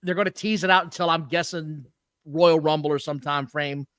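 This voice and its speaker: High bright-voiced ranting man. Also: fairly even intonation, moderate pace, no echo, studio quality. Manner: blunt, exasperated rants with profanity. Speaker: podcast co-host reviewing wrestling. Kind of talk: casual chat.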